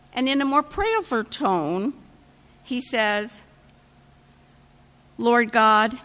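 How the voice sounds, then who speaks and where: A woman preaching a sermon, retelling scripture in a measured storytelling manner with dramatic pauses. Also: on the high side, a bit bright. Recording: long church reverb.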